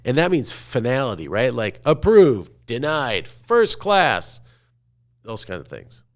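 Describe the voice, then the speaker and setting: A man voicing a calm, wise middle-aged custodian who lectures in a measured, preachy way. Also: mid-range voice. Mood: lecturing.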